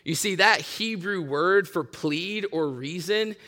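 A man's voice: high-pitched, slow pace, sharp tone, in a large hall. A man preaching a sermon, teaching earnestly and reading scripture aloud. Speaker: pastor.

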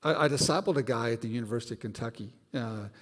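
Talking fast in a husky, mid-range voice, a pastor tells his congregation a personal story during a sermon. He's an animated storyteller who acts out the voices, and the church sanctuary sounds like a large hall.

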